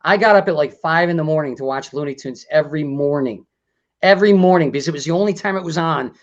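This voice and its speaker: A man's voice: fairly high pitch, lo-fi sound. A man guest on a podcast, chatting casually and joking, fond of playing with voices. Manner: jokey, quick to play with voices and accents. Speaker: comedian guest.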